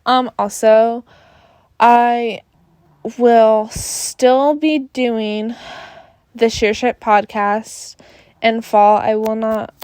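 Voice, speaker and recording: Sleepy and yawning, a young adult podcast host talks into a phone held close, rambling with fillers and sighs on her casual solo show. Her voice sits on the high side, steady and a little mellow, with drawn-out words. The tone is clean and studio quality, with no room sound.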